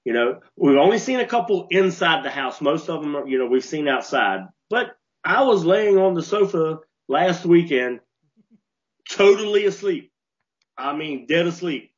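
A man co-hosting a podcast, telling a story in an animated way and restarting his sentences as he gets worked up. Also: on the high side, moderate pace. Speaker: podcast co-host. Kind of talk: casual storytelling chat. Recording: dull lo-fi podcast audio.

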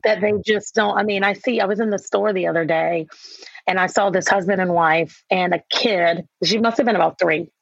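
A woman author being interviewed about raising kids, telling lively stories and acting out the voices of herself and her children. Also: medium pitch, normal speed, creaky, breathy edge, dry recording. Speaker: author and guest. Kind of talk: conversational interview. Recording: dull, dry sound.

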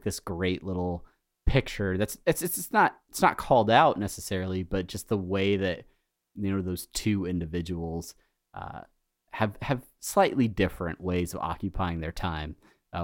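A man's voice: deep voice, normal speed, no room sound, clean studio sound. A man co-hosting a podcast, chatting casually and joking about himself. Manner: rambling, jokey, self-deprecating. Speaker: podcast co-host.

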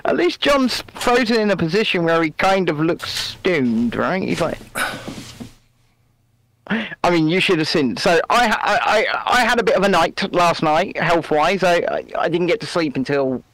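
A man's voice: high voice, animated, a little slow, fairly bright tone, rough recording. A man co-hosting a casual live stream from a remote video call, chatty and jokey, with frequent restarts. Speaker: co-host.

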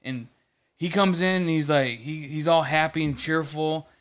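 A man's voice: fairly high pitch, fairly even intonation, normal speed, a bit bright, clear, resonant tone. A man in casual chat, telling a long story about work with lots of restarts and swearing. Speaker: podcast co-host.

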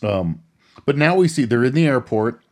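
A man co-hosting a casual movie podcast, rambling through the plot with laughs and quick character impressions. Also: medium pitch, expressive. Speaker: podcast co-host. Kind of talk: casual movie recap chat.

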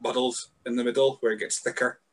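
A man's voice: medium pitch, level tone, quick pace. A man with a faint Scottish accent chats as a podcast guest in an ordinary mid-range voice. He rambles in a laid-back way and swears freely. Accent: mild Scottish. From Scotland. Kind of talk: casual chat.

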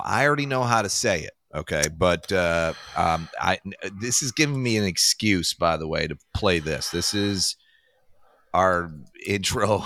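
A man's voice: low voice, fairly bright tone, dry recording. A man hosting a podcast in casual chat, rambling and joking, laughing at his own jokes. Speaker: podcast host.

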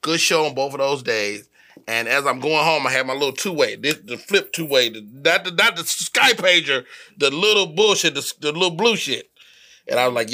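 A male comedian, guesting on a podcast, casually tells relaxed anecdotes about his early touring days. His voice is fairly high and he speaks at normal speed.

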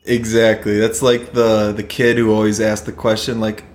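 A man hosting a casual podcast, laid-back and quick to laugh, often repeating his words. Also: fairly low pitch, level tone. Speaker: podcast host. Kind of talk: casual podcast chat and outro.

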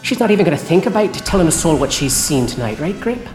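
Woman putting on a sly, sneering little man in a black cloak, taunting his victim in a horror audio drama, drawn out in places. The voice sits low and sounds roomy, with a music score underneath. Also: very animated, fast talker. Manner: taunting, casually threatening. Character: sneering small thin cloaked man, menacing.

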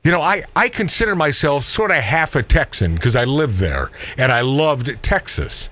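Brash, animated male talk radio host. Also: a little high, moderate pace. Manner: brash, mocking, stammering restarts.

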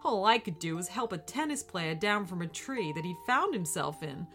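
A woman's voice: on the low side, very animated, moderate pace, a bit bright, faint music behind. A woman voicing a tearful, self-doubting young woman superhero in a storybook reading, apologetic and gushing. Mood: upset.

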